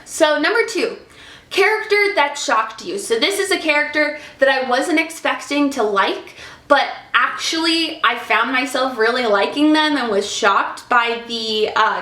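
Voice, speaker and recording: A woman chats about books as a vlogger, gushing and emotional in her casual review talk. Her voice sits a little high and she takes her time with each thought. The sound carries the echo of a bare room. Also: lively intonation, a little slow, pushed and bright. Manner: effusive, emotional, chatty. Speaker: book vlogger. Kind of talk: casual book review vlog. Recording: echoey room.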